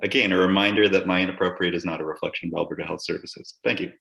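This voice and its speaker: A man with a very low voice hosts a casual podcast, teasing his co-hosts with crude, profane jokes. The recording sounds roomy and echoey. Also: steady tone, very fast, creaky, a bit bright. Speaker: podcast host. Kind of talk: casual chat. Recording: roomy echo.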